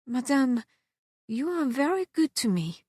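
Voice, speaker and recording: A timid young French maid , as a woman reads her, speaking with a soft French accent and polite hesitation. The voice sits a little high, and the sound is dry and close. She sounds frail and grateful. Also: sing-song, a little slow, slightly rough, dry recording, heavily acted. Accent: put-on French.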